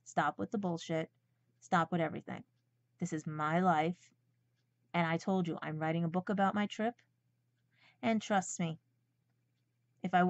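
A woman's voice: mid-range voice, no echo. A woman ranting confrontationally in a personal vlog, repeatedly calling out her viewers as "guys.". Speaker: vlogger. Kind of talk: angry personal vlog rant. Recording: dull lo-fi dry sound.

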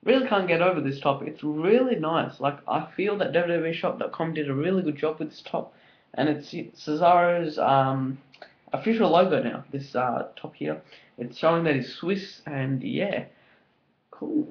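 A man's voice: a little high, lively intonation, moderate pace. Upbeat Australian guy, lo-fi home video. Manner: enthusiastic and rambling, many fillers. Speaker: vlogger. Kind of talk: casual unboxing video. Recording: dull lo-fi home recording.

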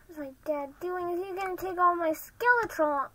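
A child commenting on a block-game match, excitable and often muttering quiet half-whispered asides. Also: very high voice, moderate pace, noisy background. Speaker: gamer. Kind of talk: Minecraft gameplay commentary.

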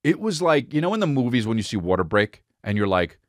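Profane, animated man telling a comic story. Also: medium pitch, fast, no room sound, studio quality. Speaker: podcast host.

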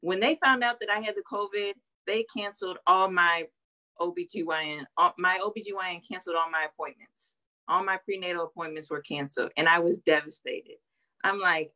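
A young woman with a low voice speaks over a video call. She is earnest and hesitant, with frequent ums, as she recounts her experience as an interview guest. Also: steady tone, brisk, pushed and bright. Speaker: guest, nurse sharing her story. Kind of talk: emotional interview testimony.

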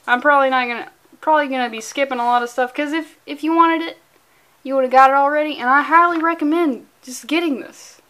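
A woman with a high voice talks straight to the camera in a casual comic book vlog. She plays at being furious, swears freely and rambles from one thought to the next with a joking edge. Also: quick pace, pushed and bright. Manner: mock-angry, profane, rambling, playful.

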